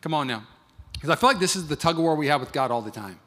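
Man preaching, bright and forceful voice, animated storyteller, long church reverb. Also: on the high side, quick pace. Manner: animated storytelling, acting out both sides of a quarrel. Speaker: pastor. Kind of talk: sermon. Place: large church hall.

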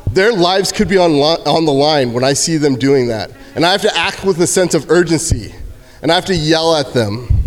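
A man giving a casual youth sermon in a church, joking and acting out shouted quotes. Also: on the high side. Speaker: youth speaker. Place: church sanctuary. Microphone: handheld microphone. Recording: hall reverb.

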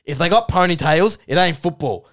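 A man with an Australian accent voicing a calm, placating male pundit who talks things down quietly. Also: moderate pace. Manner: soothing, low-key, placating.

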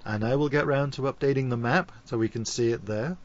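A man's voice: medium pitch, brisk, highs cut off. A man with a Liverpool Scouse accent, co-hosting a podcast in casual, joking chat. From Liverpool, England. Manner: joking, playful banter. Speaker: podcast co-host.

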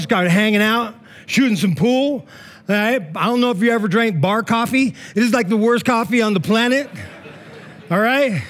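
High-voiced preaching pastor, man. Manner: emphatic preaching that swings between loud calls and hushed, slow passages; casual slang and constant "right?" and "man". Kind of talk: sermon with storytelling. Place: church meeting in a school building.

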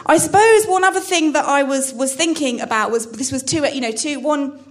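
A woman doing a halting, self-deprecating stand-up set on a club stage, full of restarts. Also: sits high. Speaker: stand-up comedian.

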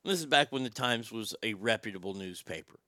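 A man's voice: lowish voice, expressive, a little fast, bright, forceful tone, no echo, studio quality. Blunt, ranting male talk host. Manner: blunt, profane, stammering restarts. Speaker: show host. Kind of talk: opinionated talk show rant.

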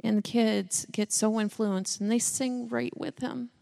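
Woman, mother giving a testimony in church, high-ish, gravelly, earnest and emotional. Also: steady tone, measured pace, mellow. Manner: earnest, heartfelt.

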